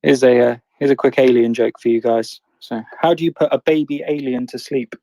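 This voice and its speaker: A man's voice: mid-range voice, fairly even intonation, a little fast, mellow, no room sound. A man in a casual chat tells a joke in an upbeat, playful way. His voice sits in the middle range, and it is recorded close and dry. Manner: upbeat, joking.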